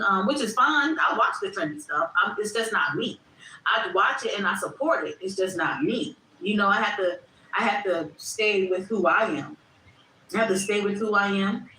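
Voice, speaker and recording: A woman's voice: mid-range voice, bright, forceful tone. A woman, hosting a casual livestream, repeating herself and talking straight to her chat. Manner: repetitive, reflective, talks to chat directly. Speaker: livestream host. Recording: echoey room with faint background noise.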